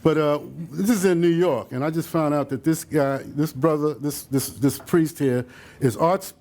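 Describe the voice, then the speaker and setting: A man's voice: a little high, normal speed, darkish tone. An older man, a photographer, rambling through stories about his photos for a live audience, with many fillers and asides. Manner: acts out quotes in other voices. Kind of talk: casual slideshow talk to an audience.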